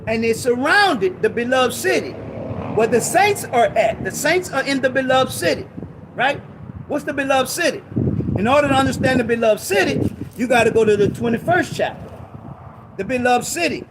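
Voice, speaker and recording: A man preaching a sermon, exhorting listeners and reading scripture slowly, repeating lines for emphasis. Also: extremely high pitch, lively intonation, noisy background. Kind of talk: sermon teaching.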